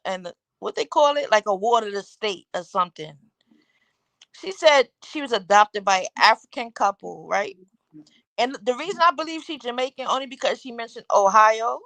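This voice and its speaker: A woman's voice: medium pitch, a bit bright, no echo. A woman hosting a live talk show, rambling through her opinions and asking the audience one rhetorical question after another. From Caribbean. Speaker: host.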